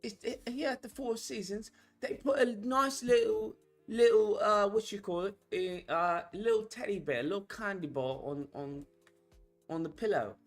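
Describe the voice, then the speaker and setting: A man's voice: high voice, normal speed, soft background music. A man hosting a stream, reacting with crude, profane, slang-heavy banter. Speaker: streamer host reacting to videos. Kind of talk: casual reaction commentary.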